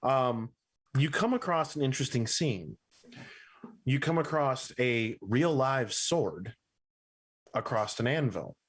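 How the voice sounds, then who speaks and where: A man running a tabletop game as game master, narrating scenes in a loose, halting way with fillers and restarts. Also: medium pitch, animated, breathy edge.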